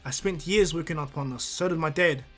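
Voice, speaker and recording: Man voicing a brash, bossy teenage ninja boy, fan story, slightly high voice, faint music behind. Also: a little fast, natural voice. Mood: teasing.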